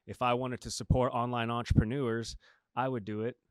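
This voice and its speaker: A man's voice: medium pitch, level tone, brisk, smooth, no room sound, studio quality. Jokey man co-host. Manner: jokey, playful. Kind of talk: casual chat.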